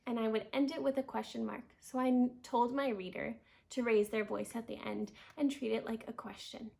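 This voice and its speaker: Animated high-voiced kindergarten teacher woman. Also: moderate pace, vocal fry. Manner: animated, expressive storytime voice. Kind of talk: reading aloud and teaching children.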